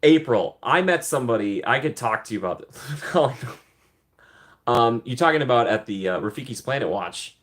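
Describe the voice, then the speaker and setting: A man at a middle pitch talks casually through a live Q&A. He reads viewer comments aloud and answers them warmly, laughing often. Plenty of ums fill his loose, chatty delivery. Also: lively intonation, moderate pace. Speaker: livestream host answering chat.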